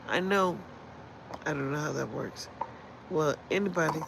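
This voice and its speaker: A woman's voice: deep voice, moderate pace, vocal fry, noisy background. A woman in her sixties ranting bluntly and profanely on a casual livestream, rambling from point to point. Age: 60s. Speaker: livestream host. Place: in Las Vegas.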